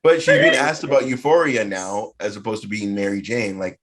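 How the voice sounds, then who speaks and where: A man hosting a podcast in casual chat, animated and swearing freely as he riffs. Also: lowish voice, brisk. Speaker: podcast host.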